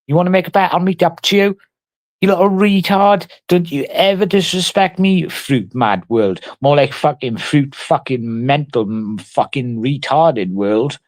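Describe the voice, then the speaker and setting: A man's voice: a little high, normal speed. A man on a casual livestream, taunting and mock-threatening someone in crude, heavily sworn banter.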